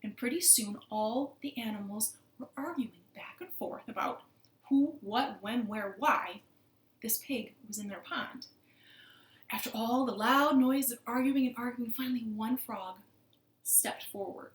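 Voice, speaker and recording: A woman's voice: on the high side, measured pace, reverberant. A woman librarian reading a picture book aloud to children from her living room, playful and asking them questions. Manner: animated and playful, asks the kids questions.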